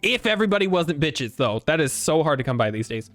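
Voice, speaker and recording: A man's voice: fairly high pitch, sing-song, quick pace, a bit bright, faint music behind. A man streaming a game, profane and rambling in casual commentary.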